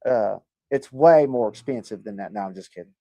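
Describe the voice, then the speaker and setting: A man's voice: on the low side, fairly quick, mellow, dry recording. A man hosting a livestream, chatting casually and reading viewer comments, rambling, joking and swearing a lot. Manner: laid-back and rambling. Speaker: livestream host.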